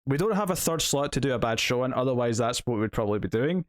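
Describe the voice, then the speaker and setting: Male podcast host, casual rambling chat, middle pitch, dead-dry close-miked sound. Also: expressive, fast, no echo. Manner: laughs often, filler-heavy rambling.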